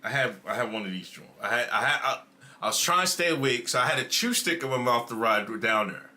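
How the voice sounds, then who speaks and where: A male show host tells stories on a casual livestream, laughing in bursts and chewing on snacks as he talks. His voice is medium-pitched and fast, his storytelling animated.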